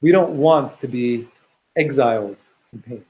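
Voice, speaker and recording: Male teacher, mid-pitched, reads Hebrew passages and unpacks them thoughtfully for a class. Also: a little slow, a little mellow, rough recording. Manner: thoughtful, reads Hebrew text aloud and explains it; repeats words while working out ideas. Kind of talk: Torah class lecture.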